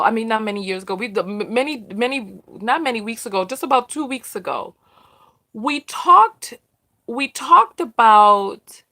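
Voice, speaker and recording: A woman hosting a casual live discussion, animated and repeating her points for emphasis. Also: high-pitched. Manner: acts out quoted people. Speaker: host.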